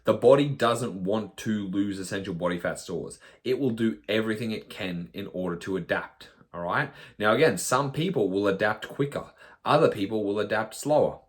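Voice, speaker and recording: A man, a nutrition coach, talking bluntly in a podcast monologue, swearing often and mimicking clients in quick asides. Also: lowish voice.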